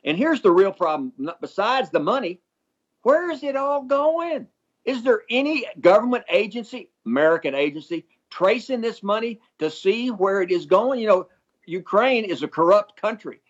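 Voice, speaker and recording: An older man from Texas talks slowly and folksily, with a high voice and dry humor. His voice comes over a dull, muffled line, as on a call-in to a radio talk show. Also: very animated, husky. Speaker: guest, former congressman. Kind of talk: phone-in interview.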